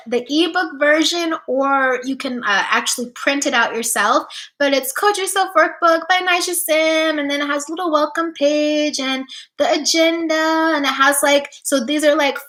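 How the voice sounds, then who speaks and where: A woman's voice: sits high, a bit bright, echoey room. A woman life coach on a livestream, gushing and enthusiastic, full of "like". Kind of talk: livestream motivational talk.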